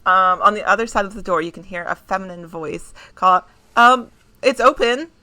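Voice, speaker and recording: Bright-voiced woman narrating as game master. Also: on the low side, steady tone, no room sound. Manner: descriptive, halting narration with fillers. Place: home streaming setup.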